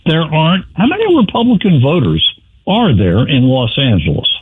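A man's voice: a little high, wildly swooping pitch, normal speed, husky. A man giving blunt, wry political commentary on a talk radio show. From New York. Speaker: guest commentator. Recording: tinny phone line.

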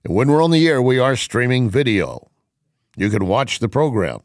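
A middle-aged man hosting a talk radio show, speaking in an earnest, emphatic, measured way. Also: mid-range voice, very animated, dry recording, clean studio sound.

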